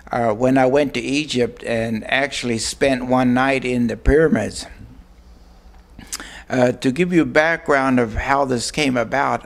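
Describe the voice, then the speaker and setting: A man's voice: medium pitch, creaky. Plain-spoken older man telling a story. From Arizona, USA. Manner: unhurried, plain-spoken, frequent "uh" pauses. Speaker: guest recounting a personal experience. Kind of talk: storytelling monologue.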